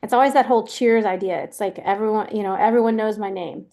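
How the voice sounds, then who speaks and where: A woman's voice: mid-range voice, quick pace, mellow. A middle-aged woman hosting a webinar, talking casually with lots of fillers and restarts. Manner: chatty, many fillers and restarts. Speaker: webinar host.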